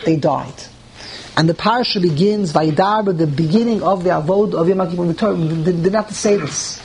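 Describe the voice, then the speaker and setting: Male rabbi-teacher, classroom lesson, rhetorical and emphatic, thinks aloud with restarts, faint room noise. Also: normal speed. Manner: poses rhetorical questions, rises in pitch when stressing a point. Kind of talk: Torah lesson to a live group.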